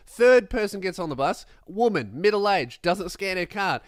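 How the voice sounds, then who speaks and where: A young man telling a comic story as a podcast host, animated and swearing, acting out other people's voices. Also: high-pitched, normal speed, no echo, studio quality.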